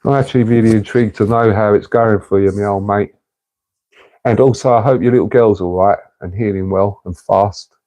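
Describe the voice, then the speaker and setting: A man's voice: lowish voice, fairly even intonation, fairly quick, mellow. A man hosting a casual livestream, chatting in a matey way and answering viewers' comments. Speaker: livestream host.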